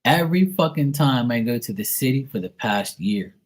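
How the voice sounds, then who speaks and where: A man's voice: medium pitch, lively intonation, normal speed, low-quality recording. A man hosting a tarot reading live stream, telling profane, chatty anecdotes. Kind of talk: casual live-stream storytelling.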